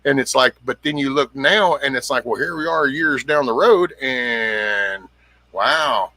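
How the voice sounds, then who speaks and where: A man's voice: mid-range voice, unhurried, pushed and bright, no room sound. A middle-aged man hosting a casual livestream, rambling bluntly, swearing freely and greeting viewers by name. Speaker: livestream host. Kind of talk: casual livestream chat reading comments.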